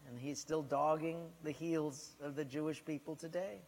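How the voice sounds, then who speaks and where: A man's voice: fairly high pitch, steady tone, moderate pace, a little mellow, in a large hall. A man preaching a sermon as pastor, asking the congregation direct questions and telling stories.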